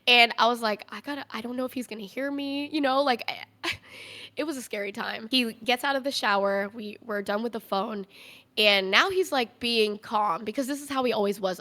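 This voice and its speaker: A woman's voice: mid-range voice, normal speed, sharp tone. A young woman, a podcast guest, telling a candid personal story in a conversational way, full of "like" fillers.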